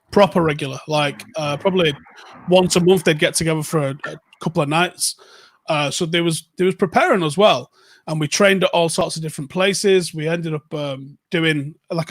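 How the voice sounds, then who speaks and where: A man spins long, swear-laden anecdotes on a podcast. He acts out the people in his stories as he goes. His voice sits a little high and sounds dry and close. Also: fairly bright tone, no room sound. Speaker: podcast co-host. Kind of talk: casual storytelling chat.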